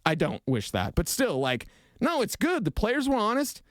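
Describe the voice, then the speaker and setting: Man, high voice, sports radio co-host, fast and opinionated, emotional, dry close studio mic. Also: wildly swooping pitch, no echo. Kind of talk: casual sports talk radio. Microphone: studio microphone.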